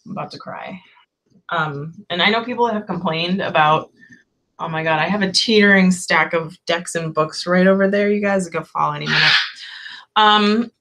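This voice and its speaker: Bright-voiced chatty young woman. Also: on the low side, measured pace, long pauses. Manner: chatty and candid, lots of "like" and "um", swears freely. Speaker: tarot channel host. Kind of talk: casual live-stream chat.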